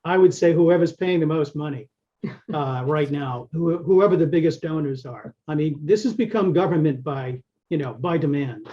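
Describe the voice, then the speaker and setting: A man who is an author, answering questions on a roundtable over a video call in a measured, matter-of-fact way. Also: fairly high pitch, highs cut off. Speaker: author and panel guest. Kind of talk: roundtable discussion.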